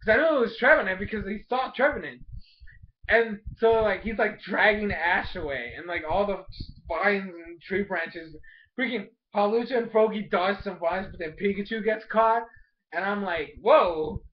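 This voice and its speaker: Male reviewer, high voice, excitable casual recap with lots of fillers, dull lo-fi sound. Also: normal speed. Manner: animated, fills speech with "like", mild cursing. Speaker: episode reviewer.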